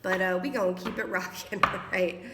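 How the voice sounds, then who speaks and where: A woman's voice: on the low side, fairly even intonation, fairly quick, heavy background noise. A woman getting over a cold, giving a casual tarot reading in a chatty, affectionate way, laughing often and calling listeners darling. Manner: whispers while drawing cards. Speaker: tarot reader.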